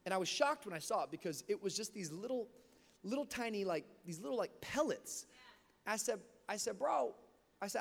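A young man preaching a sermon, telling a story with energy and sometimes shouting. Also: sits high, lively intonation, normal speed, gravelly. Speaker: pastor. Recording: long reverb of a large hall.

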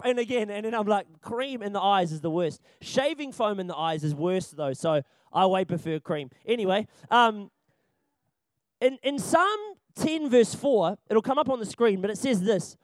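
A young man giving a church training talk on children's ministry, animated and jokey, laughing often and repeating his key points for emphasis. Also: high voice, normal speed, no room sound.

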